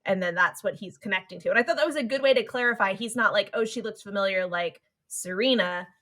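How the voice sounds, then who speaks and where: A woman in her thirties co-hosting a podcast, chatting casually through an episode recap. Her voice is bright and forward. She keeps dropping into quick impressions of the characters while she tells the story. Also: mid-range voice. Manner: animated retelling that acts out the characters' lines. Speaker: podcast co-host.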